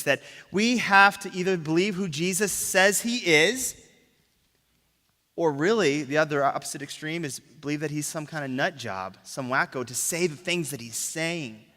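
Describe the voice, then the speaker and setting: Male pastor, sermon; slightly high, bright voice; emphatic, hushes key words; church reverb. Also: normal speed. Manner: asks the crowd rhetorical questions. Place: church sanctuary. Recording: long reverb of a church hall.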